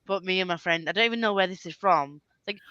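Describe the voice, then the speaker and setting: A woman's voice: fairly low pitch, quick pace, pushed and bright, clear, resonant tone, no echo, highs cut off. A woman hosting a casual chat, laughing often and swearing freely. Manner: laughs often, swears, slips into silly voices. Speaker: host.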